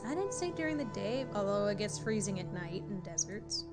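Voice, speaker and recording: A woman's voice: medium pitch, sing-song, normal speed. A woman playing a tabletop game, joking and teasing in casual banter. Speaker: player. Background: background music.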